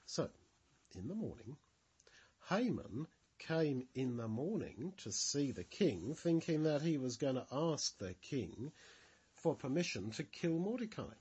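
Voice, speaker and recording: Slow expressive male storyteller. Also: mid-range voice, breathy edge, highs cut off. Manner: expressive, gentle. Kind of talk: children's bible story telling.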